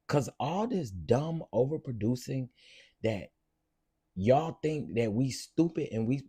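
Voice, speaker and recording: A man with a lowish, husky voice that swings widely up and down as he dishes sassy reality TV gossip to his live-stream viewers. His tone is warm and mellow, close to the mic, and the sound is dry. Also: dry recording. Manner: sassy, expressive, talks straight to viewers.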